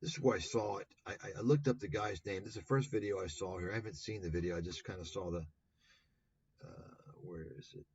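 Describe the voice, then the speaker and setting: A man's voice: low voice, a little fast, a little mellow, dull audio, slight background noise. A man hosting a livestream, talking in a sarcastic, profane, rambling way. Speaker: livestream host. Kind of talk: livestream commentary.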